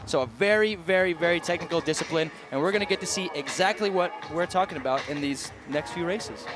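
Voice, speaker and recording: Outdoors at a bike event, a man provides expert co-commentary for live sports coverage. His voice is a little high and fairly quick, and he's emphatic, repeating words to stress his points.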